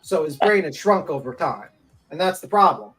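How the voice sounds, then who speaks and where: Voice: mid-range voice, very animated, normal speed, a bit bright, faint music behind. A speaker in a casual panel chat, talking bluntly and opinionatedly, swearing freely and laughing often.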